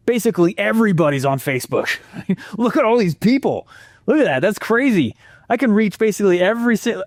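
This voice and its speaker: A man presenting a marketing lesson with energetic, animated storytelling and exclamations. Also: on the high side, no room sound, clean studio sound.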